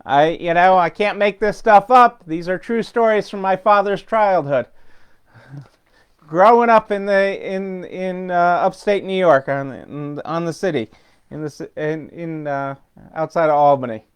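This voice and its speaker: A man's voice: high voice, unhurried, clear, resonant tone. A middle-aged man hosting a weekly business update, talking casually and rambling with fillers, restarts and chuckles. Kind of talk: casual unscripted talk.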